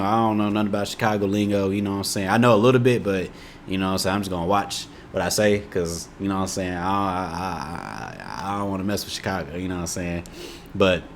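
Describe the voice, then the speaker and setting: There's slight background noise behind this young man's lowish voice. A YouTuber from Indiana with a matching accent, he reacts to a video by chatting casually and telling stories in a loose, rambling manner, frequently using "you know what I'm saying."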